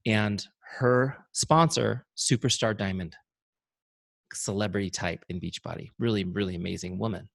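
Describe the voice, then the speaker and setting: A man with a fairly low voice runs a motivational webinar, driving his points home and repeating them for emphasis. The sound is dry and close, with no room around it. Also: gravelly, no room sound. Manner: emphatic, repeats key phrases, addresses audience as "you guys". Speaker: founder teaching a sales training.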